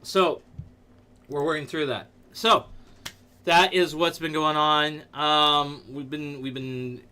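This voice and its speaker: A man hosting a casual livestream from his computer desk, playful and jokey, breaking into sudden loud outbursts. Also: on the high side, steady tone, slow pace, smooth. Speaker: livestream host. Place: seated at a computer in a dim room.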